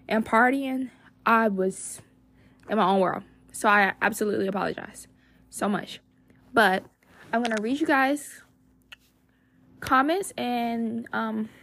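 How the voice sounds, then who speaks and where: A woman's voice: fairly high pitch, fairly bright tone. A young woman hosting a casual advice podcast, bubbly and gushing, full of endearments and fillers. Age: young adult. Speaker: podcast host.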